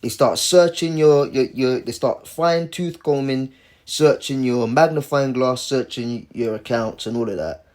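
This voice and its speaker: Male preacher: casual, emphatic, repetitive, mid-pitched. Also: measured pace, a little mellow. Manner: emphatic, repeats himself, keeps saying "man". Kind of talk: casual religious commentary.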